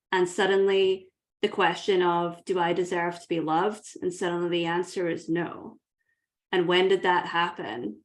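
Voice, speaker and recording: Scottish woman, 30s, coach guest; lower voice, earnest reflective storytelling. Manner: earnest, vivid, uses imagery.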